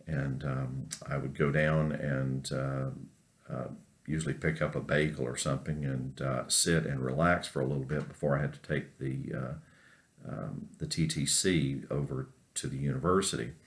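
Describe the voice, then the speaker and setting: A man from North Carolina, a professor giving a recorded class lecture, telling an unhurried story with many fillers. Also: rumbling low, fairly even intonation.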